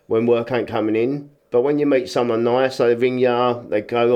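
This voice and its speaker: Bloke on a podcast, chatty, acts out what people said, plain informal talk. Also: male voice, mid-range voice, a little slow, a little mellow. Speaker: guest, rubbish clearance business owner. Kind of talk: casual podcast chat.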